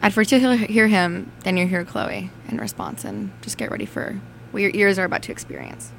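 A woman's voice: medium pitch, big pitch swings, fairly quick, gravelly, fairly bright tone, slight background noise. Teasing woman co-host on a radio show. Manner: teasing, playful. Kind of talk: casual chat.

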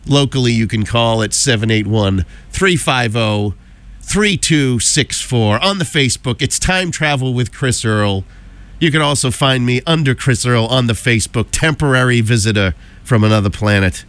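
A male radio DJ with a hoarse, froggy voice from a cold, talking on air from a studio mic. He rambles in a loose, chatty way and drops jokey asides. His voice sits at an ordinary middle pitch. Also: moderate pace, a bit bright, no echo. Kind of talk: casual on-air chat.

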